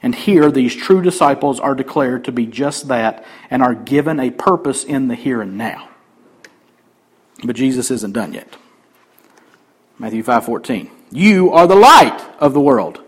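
A man preaching a sermon, swinging between emphatic raised passages and quiet conversational asides. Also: mid-range voice, lively intonation, a little slow, husky, poor audio. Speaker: pastor.

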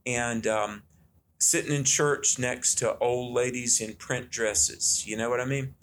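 A man's voice: medium pitch, steady tone, a little slow, fairly bright tone, slight background noise. A middle-aged man from the South, talking in a folksy, earnest way as he tells stories from his childhood. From Southern United States. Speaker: guest. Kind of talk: conversational storytelling.

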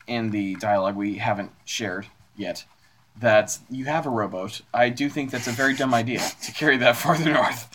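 A man's voice: mid-range voice, normal speed, fairly bright tone, slight background noise. A man narrating as game master of a tabletop game, playful and laughing as he describes scenes.

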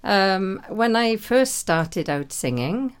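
A woman's voice: medium pitch, lively intonation, slow, smooth. Chatty middle-aged woman. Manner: chatty, laughs easily, filler-heavy. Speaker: studio guest, singer. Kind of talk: casual interview chat. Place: radio studio.

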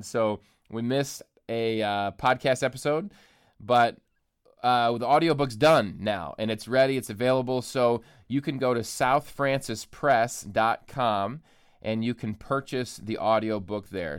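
A man's voice: medium pitch, clean tone, dry recording, clean studio sound. A man hosting a solo podcast from an empty room, chatting in a joking, self-deprecating way. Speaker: podcast host and author. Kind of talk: casual solo podcast monologue. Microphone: studio microphone.

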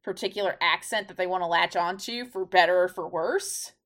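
A woman's voice: on the low side, brisk, a bit bright. A woman co-hosting a podcast in casual chat, talking loosely with lots of "like" fillers. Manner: chatty, heavy use of "like" fillers. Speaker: podcast co-host.

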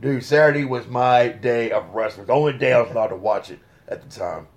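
A man, telling stories as an interview guest in a casual podcast chat, excitable and full of fillers. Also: medium pitch, brisk, gravelly. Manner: excitable storyteller, lots of fillers.

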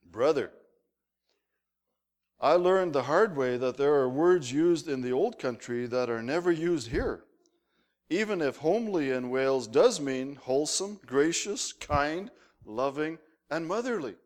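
Animated storytelling male pastor. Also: fairly high pitch, a little slow. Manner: animated anecdotal storytelling with humor. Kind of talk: sermon.

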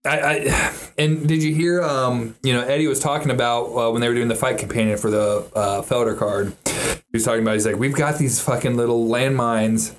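A man's voice: mid-range voice, fairly even intonation, a little fast. A man chatting casually about fighters, swearing often and restarting his sentences as he rambles. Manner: profane, rambling, frequent restarts.

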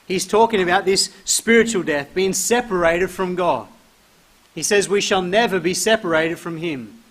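Male preacher, high-pitched, emphatic sermon delivery, reads verses aloud. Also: fairly bright tone. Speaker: pastor.

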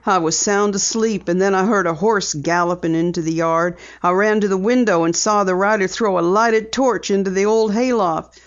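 A woman's voice: mid-range voice, normal speed, hardly any pauses, lightly acted. Lady doing a scared farm wife, tense and pleading, muffled lo-fi sound. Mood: angry. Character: anxious, guarded farm wife.

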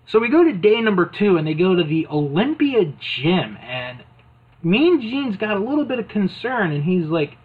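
A man's voice: fairly high pitch, lively intonation, normal speed, slightly rough. A man casually retelling an old wrestling videotape scene by scene, amused and rambling with fillers. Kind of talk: casual chat. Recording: tinny phone-like sound.

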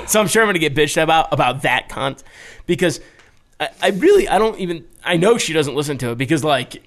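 Animated, foul-mouthed young man. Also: fairly high pitch, moderate pace. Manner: profane, animated storytelling with laughs. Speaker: podcast co-host. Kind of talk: casual podcast banter.

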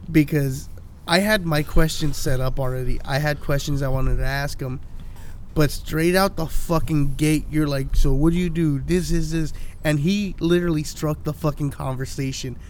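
A man's voice: fairly high pitch, unhurried, a little hiss or hum. A young man hosting a casual podcast, swearing freely and acting out quotes as he tells stories. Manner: profane, animated storytelling with acted-out quotes. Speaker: podcast host.

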